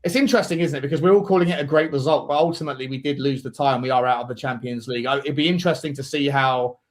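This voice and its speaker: A man hosting a live football watchalong, tipsy from drinking, boisterous and jokey as he shouts out viewers. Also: medium pitch, racing. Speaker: watchalong host. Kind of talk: casual live-stream chat.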